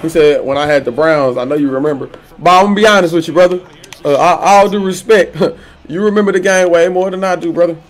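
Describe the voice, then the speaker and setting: A man streaming a football video game, trash-talking his opponent loudly with slang, swearing and laughter. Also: on the high side, fast. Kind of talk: trash-talking gameplay commentary.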